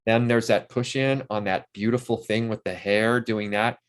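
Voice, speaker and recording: A man in his sixties, an interview guest who tells lively stories about a film shoot and acts out what people said on set. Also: lowish voice, normal speed, clean tone. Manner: animated storyteller who acts out quotes from the set. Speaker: interview guest, actor and playwright. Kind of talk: casual interview chat.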